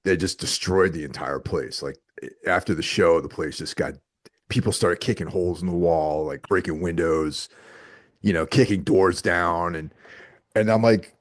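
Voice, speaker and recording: Low-voiced man telling tour stories. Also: moderate pace. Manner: storytelling, animated quoted asides. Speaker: podcast guest. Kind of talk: casual chat.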